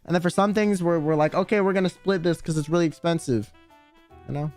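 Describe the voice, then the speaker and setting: A man with a high voice chats casually on a stream, rambling through a story full of slang and swearing. Soft music plays quietly behind him. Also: fast.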